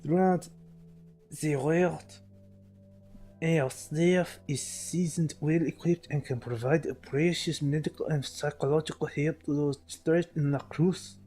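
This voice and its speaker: A man's voice: a little high, steady tone, a little slow, dark tone, faint music behind, lightly acted. Pompous French doctor in a broad mock-French accent, hammy and drawn out, put on by a man. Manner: hammy, breaking into laughter.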